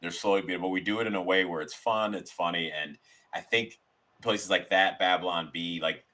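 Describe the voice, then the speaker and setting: A low-voiced man with a bright, forward tone, chatting as a podcast guest. He tells his stories loosely, circling back and restarting his sentences as he goes. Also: fairly even intonation, fairly quick. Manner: rambling, storytelling with restarts. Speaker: guest, sketch comedian. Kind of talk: casual interview chat.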